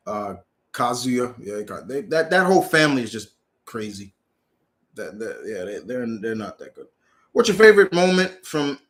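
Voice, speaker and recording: A man hosting a casual live Q&A, rambling through viewer questions and correcting himself mid-sentence. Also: lowish voice. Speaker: host answering viewer questions.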